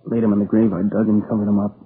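An actor playing a shaken, exhausted young man who talks in halting restarts, near tears, in a 1950s radio crime drama. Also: lowish voice, level tone, natural voice. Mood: grief-stricken. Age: young adult. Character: shaken young man, grieving survivor of a robbery. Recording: tinny lo-fi old broadcast with hiss.

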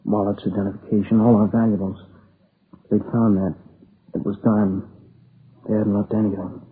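Brief: actor as a young robbery survivor in an old radio crime drama, low flat voice, halting, tinny lo-fi sound. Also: male voice, natural voice. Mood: weary, shaken. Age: young adult. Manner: halting, broken restarts, near tears. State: exhausted. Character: shaken young man, grieving survivor of a robbery. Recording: tinny lo-fi old broadcast with hiss.

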